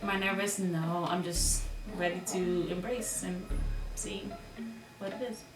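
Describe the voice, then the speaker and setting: A woman's voice: lowish voice, fairly even intonation, unhurried. Young female vlogger from Miami, jokey, repeats words for emphasis; slightly distant mic with a roomy echo. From Miami, United States. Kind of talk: casual vlog talk to camera. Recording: roomy echo, a bit off mic, music behind.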